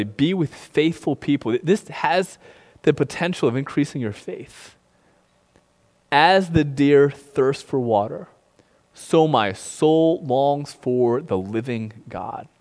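A male pastor preaching a sermon in a relaxed, conversational way, often checking in with "right?". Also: medium pitch. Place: sanctuary streamed online. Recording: long reverb in a large room.

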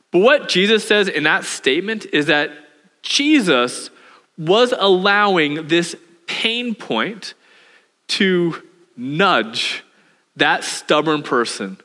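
A man preaching a sermon as pastor, animated and telling the story with humor. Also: fairly high pitch. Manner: animated storytelling, acts out voices with laughs. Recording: hall reverb.

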